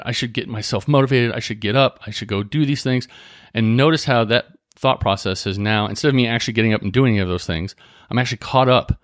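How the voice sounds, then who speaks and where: Low-voiced man hosting a casual podcast. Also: dry recording, studio quality. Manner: conversational, often asks "right?" and restarts phrases; reads book passages aloud more slowly. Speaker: podcast host. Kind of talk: casual motivational podcast talk.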